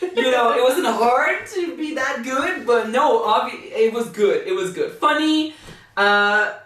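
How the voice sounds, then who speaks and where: A man from Canada co-hosting an anime reaction, chatting excitably, swearing freely and rambling with many restarts. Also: very high voice, measured pace. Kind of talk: casual chat reacting to an anime. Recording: echoey room, mic far off.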